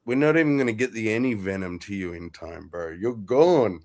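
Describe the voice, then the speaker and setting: A man's voice: fairly low pitch, lively intonation, brisk, a little mellow. A man with an Australian accent chatting casually with friends, laid-back and sweary, laughing often. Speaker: streamer host. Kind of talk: casual chat.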